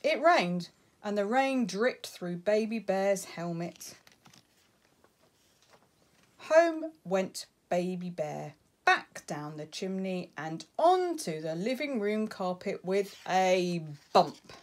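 A woman reading a children's picture book aloud, expressive and lilting. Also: medium pitch, slow. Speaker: storybook reader.

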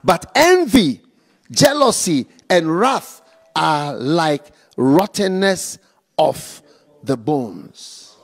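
A man preaching a slow, emphatic sermon in church, stopping often for call-outs to the congregation. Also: fairly high pitch, big pitch swings. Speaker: pastor.

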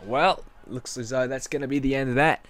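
A man's voice: mid-range voice, brisk, fairly bright tone. Guy rambling casually over a wrestling game playthrough, chatty and a bit scattered. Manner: rambling, chatty, self-interrupting. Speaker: gaming channel host.

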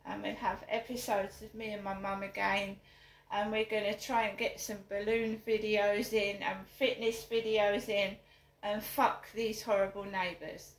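A woman's voice: medium pitch, flat delivery, unhurried, roomy sound. A middle-aged woman speaking in an angry personal vlog, indignant and emphatic, repeating phrases for force. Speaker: vlogger. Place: home flat.

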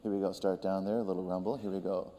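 A man leading a group through vocal warm-ups, talking gently and encouragingly and singing short demonstration notes. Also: deep voice, little pitch movement, fast. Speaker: vocal coach. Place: large hall with a group of singers. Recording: reverberant hall, faint room hum.

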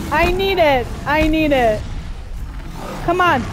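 High-pitched excitable woman gamer. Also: slow, long pauses, background noise. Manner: excitable, squealing and cheering during fights. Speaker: gamer playing a video game. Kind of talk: let's play commentary. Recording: game music playing behind the voice.

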